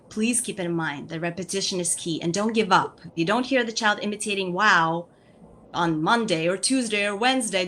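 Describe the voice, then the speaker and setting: A speech therapist appearing as a guest explains speech activities for young children to parents, patiently repeating key points and asking "okay?" after each one. Her voice is fairly low and fairly bright, with slight background noise.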